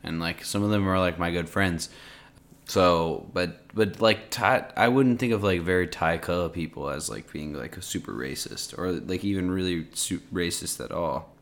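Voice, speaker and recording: A man's voice: sits low, normal speed, fairly bright tone. A man co-hosting a casual podcast chat, talking hesitantly with lots of likes and restarts. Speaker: podcast co-host. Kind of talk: casual chat, reading a transcript aloud.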